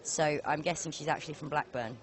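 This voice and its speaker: A woman from southern England doing live poker tournament commentary, chatty and quick with asides and laughter. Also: low voice, steady tone.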